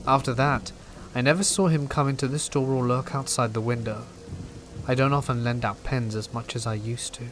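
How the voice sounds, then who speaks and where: A man narrates scary stories in a slow, hushed voice. His pitch sits in the middle range. Soft rain patters faintly behind him. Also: background noise. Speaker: horror story narrator. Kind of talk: scripted narration. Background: steady rain.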